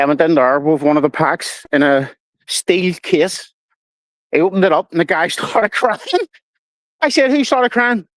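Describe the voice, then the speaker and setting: A man's voice: high voice, a bit bright, clean tone, no room sound, rough recording. A middle-aged man, swearing freely as he rambles through stories on his casual livestream. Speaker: livestream host.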